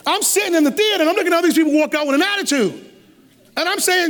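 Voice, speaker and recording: A middle-aged man preaching a sermon as a guest preacher, animated and streetwise, acting out quotes with humor. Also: extremely high pitch, fast, big-room sound. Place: church sanctuary.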